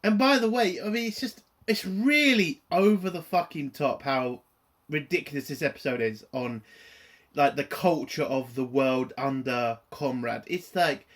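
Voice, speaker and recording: Guy ranting about a tv episode, swears a lot, kinda high voice. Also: unhurried. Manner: profane, exasperated, rambling rant. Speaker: TV reviewer. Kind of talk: ranting video review.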